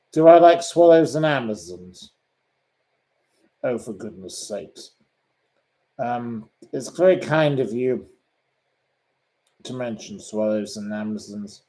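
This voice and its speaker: Slow, mellow-voiced indignant man. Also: mid-range voice, low-quality recording. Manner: indignant, defensive, blunt. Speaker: host answering viewer questions. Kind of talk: casual live-stream chat.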